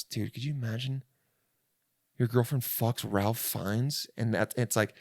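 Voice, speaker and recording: A man's voice: medium pitch, fairly even intonation, measured pace, no room sound, studio quality. Rambling, crude young comic man. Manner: crude, self-interrupting, rambling. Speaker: podcast host. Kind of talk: rambling comedic monologue. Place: on a bed in a rental apartment.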